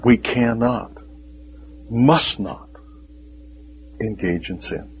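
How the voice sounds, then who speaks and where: A man preaching a sermon, with dramatic pauses and emphatic rising questions, sometimes dropping to a whisper. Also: fairly low pitch, slight background noise, low-quality recording.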